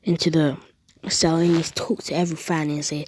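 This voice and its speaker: Husky young woman rambling a story. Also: low-pitched, moderate pace. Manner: rambling, animated, lots of restarts and acted quotes. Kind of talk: casual fan story retelling.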